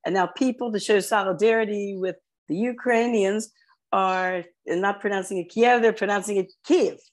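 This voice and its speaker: Mom cohost on a family podcast, chatty, rambles all over and drifts off topic. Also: female voice, medium pitch, fairly even intonation, moderate pace. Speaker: co-host, mother. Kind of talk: casual family podcast chat.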